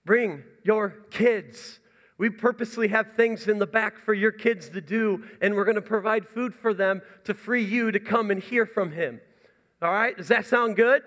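A young man speaks as a pastor from the front of a church, running through announcements with eager, rambling energy. His voice sits high for a man, and it carries a long reverb from the large hall. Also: normal speed, a bit bright. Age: young adult. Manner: enthusiastic, chatty and rambling with restarts. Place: church sanctuary.

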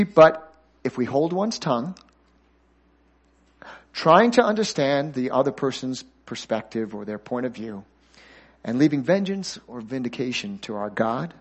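A middle-aged man preaching a sermon as guest pastor, calling out to the congregation and dropping to a soft voice at key points. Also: on the high side. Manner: animated, calls for congregation responses.

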